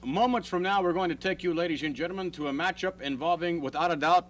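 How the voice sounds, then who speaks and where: A man's voice: sits high, fast talker. A man hosting a talk show, asking questions in a formal, wordy way.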